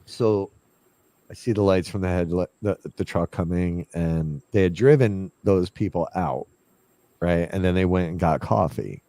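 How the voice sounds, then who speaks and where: A man's voice: low voice, measured pace, no echo. A man casually telling a ghost story from his investigations, acting out what he and others said. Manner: animated, acts out his own past lines.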